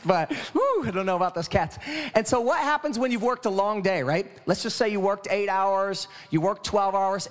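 A male pastor preaching a sermon in a church, building rhythmic lists and asking the congregation questions. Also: high-pitched.

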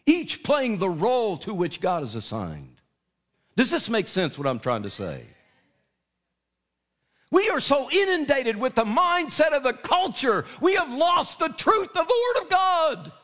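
A male preacher giving an impassioned sermon to men, swinging from soft asides to loud, rising declarations. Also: very high voice.

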